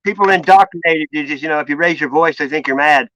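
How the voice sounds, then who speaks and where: A man's voice: on the high side, fast, sharp tone, no echo, low-quality recording. A man hosting a live stream in casual chat, telling rambling stories with plenty of swearing. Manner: rambling, profane storytelling. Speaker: stream host.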